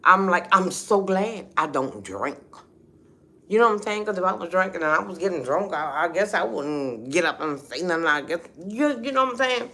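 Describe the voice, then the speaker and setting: A woman's voice: lowish voice, animated, fast, few pauses, sharp tone. A middle-aged woman telling a story on a casual livestream, emphatic and heated, often saying "you know". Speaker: livestream host.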